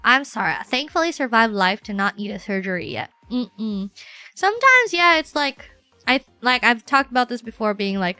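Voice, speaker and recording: Chatty young woman streamer, bright voice. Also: fairly high pitch, normal speed, smooth, no room sound, soft background music. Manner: chatty, rambling, animated storytelling with many fillers. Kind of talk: casual chat.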